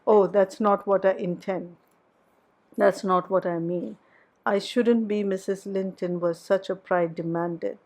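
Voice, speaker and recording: A woman's voice: mid-range voice, a little mellow, poor audio. A woman voicing a passionate, headstrong young woman in love, in an audiobook reading of a classic novel.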